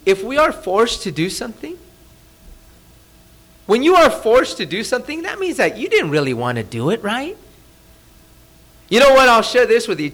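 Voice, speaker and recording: A man preaching a sermon as a pastor, talking conversationally, asking the audience rhetorical questions and dropping to a hushed voice for emphasis. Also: high voice. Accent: Californian. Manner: drops to a soft, hushed voice for emphasis. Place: church.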